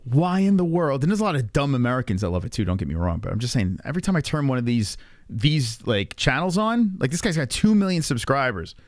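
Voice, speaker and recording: A man's voice: medium pitch, big pitch swings, fast talker, no room sound, clean studio sound. A man streaming and reacting to videos in casual chat, blunt and swearing often as he talks to his viewers.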